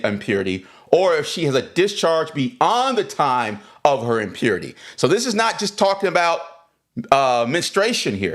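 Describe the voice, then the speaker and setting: A man's voice: medium pitch, a bit bright. Man, Bible teacher, livestream lesson, reads verses then explains, keeps stressing key points. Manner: reads scripture aloud, then explains with repeated emphasis; greets viewers in the chat mid-lesson.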